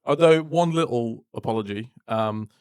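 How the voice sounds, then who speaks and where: A man's voice: mid-range voice, moderate pace, darkish tone, clear, resonant tone, no room sound. Dry-witted man, close and dry. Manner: dry, wry quips. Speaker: podcast co-host. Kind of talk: casual chat. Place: home podcast setup, indoors.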